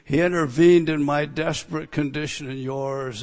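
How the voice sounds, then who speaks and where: Man, older, preacher, sermon, emphatic repetition, hushed to loud, slightly high voice, long hall reverb. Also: steady tone, normal speed, few pauses. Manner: emphatic, swings from hushed to loud, repeats phrases.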